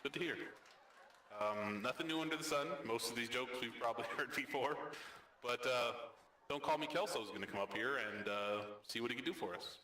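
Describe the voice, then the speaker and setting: Brief: relaxed male host, bright tone, heard from a distance in a roomy space. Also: fairly quick, slight background noise. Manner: easygoing, voices characters with raised pitch. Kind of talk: joke telling and hosting.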